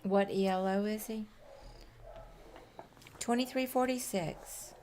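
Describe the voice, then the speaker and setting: A woman's voice: medium pitch, slow, long pauses, mellow, a little hiss or hum. A woman co-hosting a chess live stream from home, chatty, laughing easily and asking questions. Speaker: stream co-host. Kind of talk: casual chat on a live stream. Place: home with dogs.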